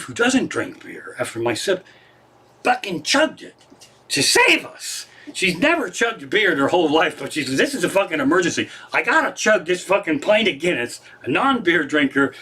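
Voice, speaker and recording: Man from Pennsylvania, comedian, livestream from home, profane casual storytelling, a bit high voice, excitable. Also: slightly rough. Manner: swears constantly, excitable, animated retelling. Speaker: comedian hosting his livestream show. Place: home living room.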